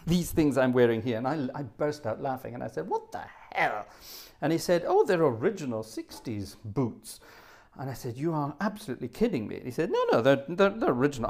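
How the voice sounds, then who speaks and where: A man's voice: medium pitch, darkish tone. A middle-aged man from Scotland hosting a home organ livestream, telling a rambling, jokey story with self-corrections and asides.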